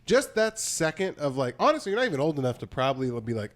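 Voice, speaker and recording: A young man in casual podcast banter, telling rambling jokey stories at an average pitch. He often drops into quick mock voices for the people in his stories. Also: big pitch swings. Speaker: podcast co-host. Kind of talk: casual chat.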